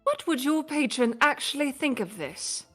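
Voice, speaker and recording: A woman voicing a sharp-tongued female fight club owner in a tabletop game, scolding and defiant. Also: sits high, lively intonation, normal speed, soft background music, voice pushed up.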